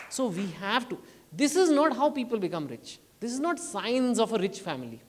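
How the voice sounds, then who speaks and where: Indian-accented male speaker, fairly high voice, passionate launch-event speech, echoing hall. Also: very animated, normal speed. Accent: Indian English. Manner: impassioned, pleading, rising to emphatic outbursts. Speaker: author speaking at a book launch. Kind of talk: public speech.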